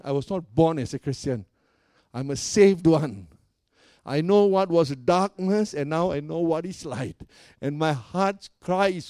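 During his sermon, the high-voiced preacher keeps urging the congregation to respond, his energy excitable and his humor playful. The sound is dry and close-miked, with little sense of the room.

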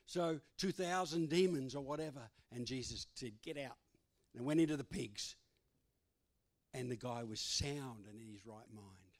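A man's voice: mid-range voice, moderate pace. A man preaching a sermon, emphatic and given to repetition. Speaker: pastor.

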